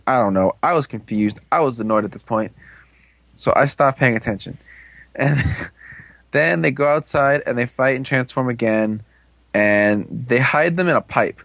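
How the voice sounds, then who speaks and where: A man casually recapping a TV episode, rambling and joking with quick asides. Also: mid-range voice, a bit bright, no echo. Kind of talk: casual chat.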